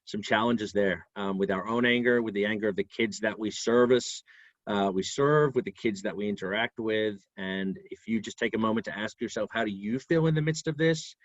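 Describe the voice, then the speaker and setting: A man's voice: on the low side, fairly even intonation, normal speed, dry recording, muffled recording. A man hosting an online session, summing up takeaways in an easygoing way over a video call. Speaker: host. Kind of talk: casual webinar hosting.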